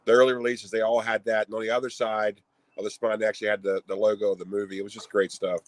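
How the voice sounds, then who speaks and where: A man's voice: on the low side, level tone, fast, no room sound, poor audio. A man co-hosting a casual stream about collecting, talking bluntly and opinionatedly, often restarting his sentences. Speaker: co-host of a video collecting stream. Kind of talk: casual chat.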